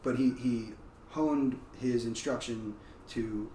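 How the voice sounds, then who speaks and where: A man telling a story as a guest in a casual conversation, loose and animated, with frequent "like" fillers. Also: medium pitch, slow pace. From United States. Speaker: guest, martial arts practitioner. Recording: roomy, distant mic, faint background noise.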